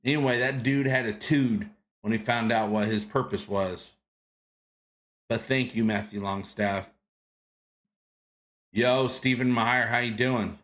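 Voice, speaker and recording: A man hosts a live stream in a mid-range, slightly bright voice, speaking a little slowly with long pauses. He chats casually, reads out viewer comments, and greets viewers by name, rambling along with frequent restarts and fillers.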